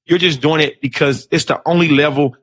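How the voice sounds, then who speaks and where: A man's voice: a little high, fairly even intonation, fairly quick, a bit bright. A man in casual podcast chat, earnestly making his point and repeating it for emphasis.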